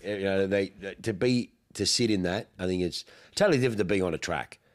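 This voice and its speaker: A man's voice: sits low, a little fast. A man hosting a podcast, reacting briefly and musing in casual chat.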